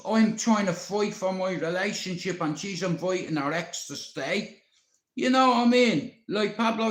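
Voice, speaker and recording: An upset Irish man on a live stream, rambling and swearing often as he talks to a friend. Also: a little high. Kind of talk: emotional live-stream rant. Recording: echoey roomy sound.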